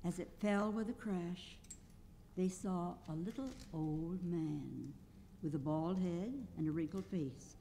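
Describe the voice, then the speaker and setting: A woman's voice: fairly low pitch, takes it slowly, in a large hall, slight background noise. A woman reading a story aloud on stage at a literary event, narrating expressively. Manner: animated storytelling. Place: auditorium stage.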